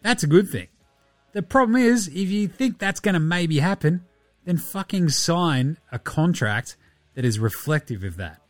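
A man's voice: fairly high pitch, lively intonation, measured pace, no room sound, soft background music. A man with an Australian accent hosting a podcast in casual sports chat, blunt and sweary, often mocking others in put-on quotes. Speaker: podcast host.

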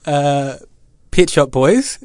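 A man's voice: on the high side, lively intonation, very slow, a little mellow, dry recording, clean studio sound. A man co-hosting a casual podcast, chatty and self-mocking, swearing now and then. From Australia. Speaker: podcast co-host. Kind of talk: casual chat.

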